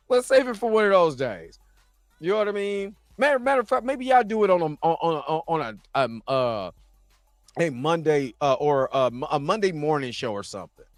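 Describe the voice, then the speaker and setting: Excitable man hosting a live chat. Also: on the high side, brisk, dry recording, clean studio sound. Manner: excitable, laughs often, shouts when thrilled. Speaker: show host. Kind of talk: casual live-stream chat.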